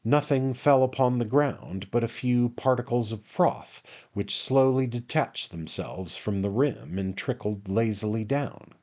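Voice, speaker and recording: A man reading a classic novel aloud as an audiobook narrator in a measured, unhurried way. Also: mid-range voice, darkish tone. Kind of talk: scripted narration.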